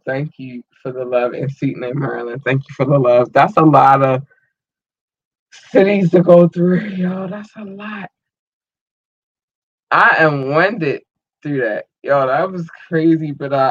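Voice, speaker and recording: An online show host reading out casual shout-outs to listeners in a slangy, drawling way, swearing freely. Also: medium pitch, lo-fi sound.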